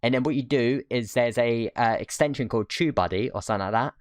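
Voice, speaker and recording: A man's voice: fast talker, no echo, studio quality. Laid-back swearing young man. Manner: laid-back, swears casually, trails off low at phrase ends. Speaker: podcast co-host. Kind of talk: casual podcast chat.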